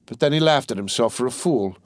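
Brief: male audiobook narrator, mid-pitched, steady and measured, dry close sound. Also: no room sound.

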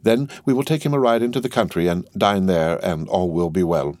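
A man reading an audiobook, voicing a kindly elderly banker who speaks gently and earnestly. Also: low-pitched, a little fast, dry recording, clean studio sound, natural voice. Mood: anxious. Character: kindly, anxious elderly male banker and family friend.

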